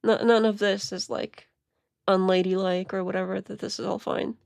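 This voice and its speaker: Chatty woman with a gravelly edge. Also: mid-range voice, flat delivery, normal speed, a little mellow, dry recording, clean studio sound. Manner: rambling, many restarts and laughs. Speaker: streamer reacting to clips. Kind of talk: casual commentary.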